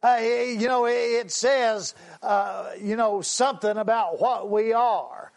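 A man preaches a sermon in a high voice. He takes his time, leaning on single words and repeating them for weight. Now and then he calls out to his listeners. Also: gravelly. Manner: repeats key words slowly for emphasis, with preacher's call-outs.

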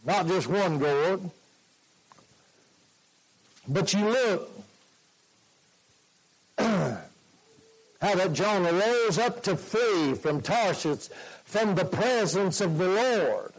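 A man preaching a sermon, slow and emphatic, repeating his points. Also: high-pitched, animated, rough recording.

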